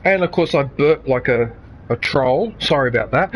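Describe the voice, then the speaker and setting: A man's voice: a little high, big pitch swings, moderate pace, a little hiss or hum, poor audio. A man streaming a game and giving casual commentary. He gets worked up and rants, often restarting and repeating his words. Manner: worked up, ranting, repeats himself. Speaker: gaming streamer. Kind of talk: casual ranting commentary over gameplay.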